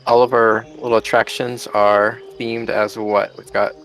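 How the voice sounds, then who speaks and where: A man's voice: on the low side, level tone, measured pace, a bit bright. A man hosting a casual chat while touring a game park, chatty and laughing often. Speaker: host.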